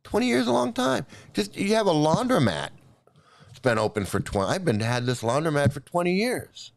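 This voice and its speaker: Middle-aged man, a bit high-pitched, delivering a profane, repetitive commentary rant to camera, dry sound. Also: sing-song, brisk, gravelly, no room sound. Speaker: YouTube commentator. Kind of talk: angry ranting commentary.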